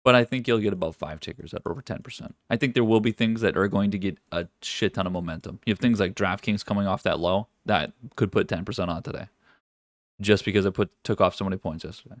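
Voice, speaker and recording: A man's voice: low-pitched, fast talker, dry recording, clean studio sound. A man hosting a live trading stream, talking casually through market analysis with frequent restarts and the odd curse. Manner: casual, profane, thinks aloud with many restarts.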